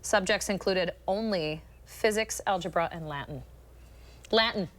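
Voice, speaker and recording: A woman's voice: mid-range voice, expressive, fairly quick, a bit bright. A woman co-anchoring a morning TV news show, chatting in an upbeat, teasing way. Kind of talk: casual on-air banter. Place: TV news studio.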